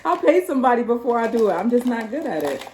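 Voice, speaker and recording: A woman from Texas, chatting excitedly and laughing as she opens gifts on her vlog. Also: fairly high pitch, fast talker, roomy sound, background noise. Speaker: vlogger. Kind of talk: casual unboxing chat.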